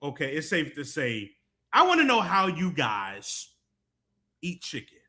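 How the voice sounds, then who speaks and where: A man's voice: fairly high pitch, wildly swooping pitch, unhurried, bright, forceful tone. A man co-hosting a live show, teasing and laughing through casual banter. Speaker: co-host.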